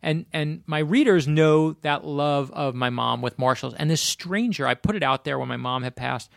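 A Florida man with a gravelly, fry-laden voice, on the high side, shares animated personal stories as an author guest in a casual conversation. He keeps a moderate pace but speeds up in bursts as stories build, recorded close and dry with no room sound.

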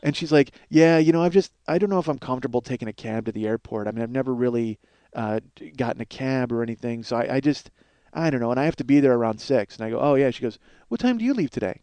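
A man's voice: medium pitch, quick pace, warm tone, clear, resonant tone, no echo. A middle-aged man telling a rambling, self-mocking comic story as a podcast host. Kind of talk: casual comedic monologue.

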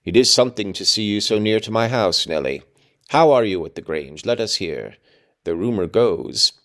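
A man reading aloud, voicing a cruel, scornful middle-aged father in a low, curbed, menacing tone. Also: lively intonation, moderate pace, fairly bright tone. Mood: sardonic.

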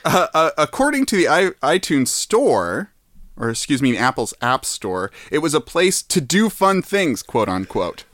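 A man's voice: fairly high pitch, sing-song, unhurried, a bit bright, no room sound, studio quality. A man co-hosting a comedy podcast in casual chat, rambling as he reads from an article. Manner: rambling, reading from an article with fillers. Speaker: podcast co-host.

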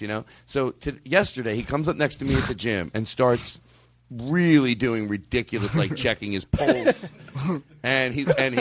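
A man's voice: mid-range voice, dry recording. A man hosting a comedy podcast, telling rambling stories and laughing through them. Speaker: podcast host. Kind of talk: casual comedy podcast chat.

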